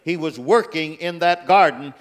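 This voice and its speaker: Booming preacher in a big reverberant hall. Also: male voice, moderate pace. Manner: swings between booming declarations and hushed, low rebukes. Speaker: guest preacher. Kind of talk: sermon. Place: large church auditorium.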